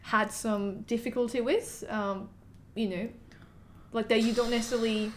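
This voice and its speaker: A woman with a fairly high voice hosts a casual podcast. She asks her questions softly, searching for words as she goes, and faint background noise runs under her voice. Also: steady tone, normal speed. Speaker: podcast host.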